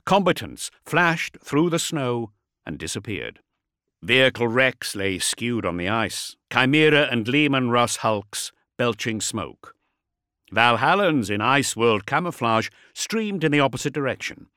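A man reading a story aloud as scripted narration, with an expressive, dramatic delivery. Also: medium pitch, measured pace, no room sound, clean studio sound. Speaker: audiobook narrator.

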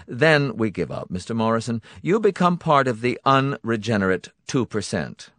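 A man's voice: medium pitch, big pitch swings, normal speed, a bit bright, no room sound, pitched above the performer's own voice. A man voicing a smiling, menacing male clinic boss who speaks with false kindness. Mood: calm threat. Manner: falsely kind, sinister, genial.

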